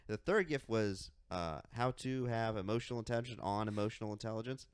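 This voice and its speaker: A man's voice: lowish voice, fairly quick, smooth, no room sound. Guy cohosting a podcast, jokey, acts out lines, dry close mic. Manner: joking, acts out quoted lines. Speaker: podcast co-host. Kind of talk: casual chat.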